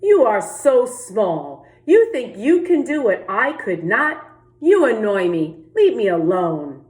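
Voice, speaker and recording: A fussy little rabbit who squeals high and indignant whenever his house is in danger, as a woman reading a storybook puts him on. The voice jumps way up with every complaint. The room adds a noticeable echo. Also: big pitch swings, a little slow. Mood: annoyed. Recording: echoey room.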